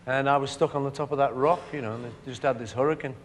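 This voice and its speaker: A man's voice: medium pitch, steady tone, quick pace, a little hiss or hum. A man guesting on a television chat show, chatting in a jokey, casual way. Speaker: guest musician. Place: television studio. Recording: studio reverb.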